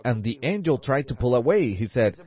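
Male preacher, animated sermon delivery, dull old recording. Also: medium pitch. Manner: fervent, rising exclamations, drawn-out emphasis.

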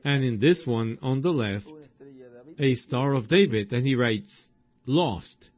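A man preaching a sermon in a slow, drawn-out way, breaking into exclamations. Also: medium pitch, animated. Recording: dull lo-fi recording.

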